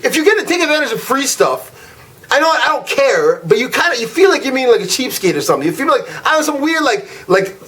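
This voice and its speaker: High-voiced young man ranting, slangy. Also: fast. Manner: animated, slangy, swings from loud irritation to laid-back drawl. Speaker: vlog host. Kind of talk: casual storytelling rant.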